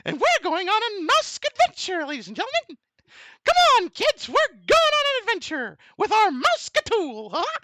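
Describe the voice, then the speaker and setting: A man voicing a tiny, cheerful cartoon mouse in a squeaky, gleeful falsetto. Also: wildly swooping pitch, moderate pace, sharp tone, exaggerated voice. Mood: giddy. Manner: squeaky, gleeful, sing-song.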